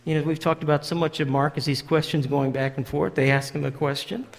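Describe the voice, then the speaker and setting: Gravelly man preaching in a reverberant hall. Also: on the high side, fairly even intonation, brisk. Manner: conversational preaching, paraphrasing scripture with fillers and restarts. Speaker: pastor. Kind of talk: sermon. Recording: long reverb of a large hall.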